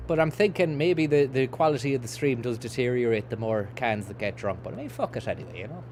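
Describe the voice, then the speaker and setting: A man's voice: medium pitch, animated, quick pace, darkish tone, slight background noise. A man streaming a game, rambling and swearing casually while he reads out and answers chat messages. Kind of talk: casual let's-play commentary.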